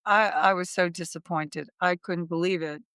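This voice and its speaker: An American woman, a podcast guest and author, tells a personal story in a lively way. She acts out remembered conversations and often restarts her sentences. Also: on the low side, moderate pace, smooth, dry recording. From United States. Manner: animated storytelling, acting out remembered dialogue with restarts.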